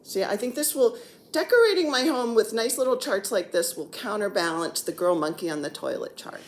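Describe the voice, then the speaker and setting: A woman's voice: medium pitch, lively intonation, fairly quick. A woman in her sixties chatting casually as a cross-stitch vlogger, rambling and joking while seated on the floor at home. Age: 60s. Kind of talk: casual chat.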